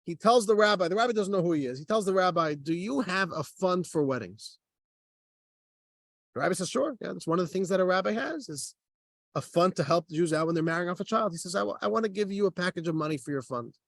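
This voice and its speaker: Man, rabbi, high voice, animated storyteller, dry close sound. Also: fast talker, vocal fry, dry recording. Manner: animated storyteller acting out dialogue. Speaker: rabbi teaching a class. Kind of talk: storytelling Torah class.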